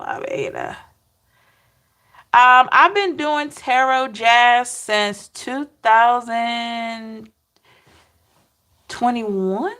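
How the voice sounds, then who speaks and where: A woman's voice: a little high, drawn-out words, pauses often, a bit bright. A woman tarot reader chatting casually with viewers on a livestream, often laughing and reading out names from the chat.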